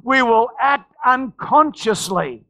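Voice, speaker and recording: Man, pastor preaching, very high-pitched, dry close sound, halting storytelling, shouted climaxes. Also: animated, dry recording. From Australia. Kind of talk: sermon.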